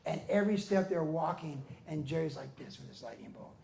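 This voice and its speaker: An older man with a notably high speaking voice tells stories of his surfing years to a live audience. He is animated, jumping into other people's voices as he goes. The sound is roomy and echoey, as at an event hall. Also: brisk, gravelly, a crowd in the background. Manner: animated storyteller, acts out quotes with loud shouts and laughs. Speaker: pastor and former pro surfer telling his story. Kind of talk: storytelling talk at a book event.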